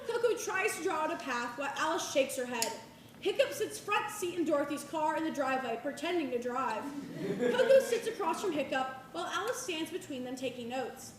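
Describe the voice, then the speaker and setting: A woman reading the stage directions aloud in a clear, measured voice. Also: high-pitched, animated, crowd noise. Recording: live reading in an echoey hall.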